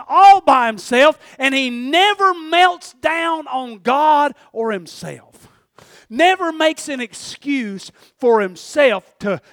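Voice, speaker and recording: A man preaching a folksy sermon, swinging from hushed asides to shouted points. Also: very high-pitched, no room sound, clean studio sound. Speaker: pastor.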